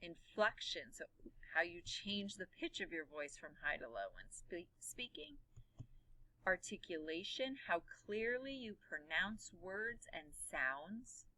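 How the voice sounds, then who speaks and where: A woman teacher explaining a class lesson, talking quickly and animatedly and demonstrating with her own voice. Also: on the low side, expressive, sharp tone, no echo, poor audio.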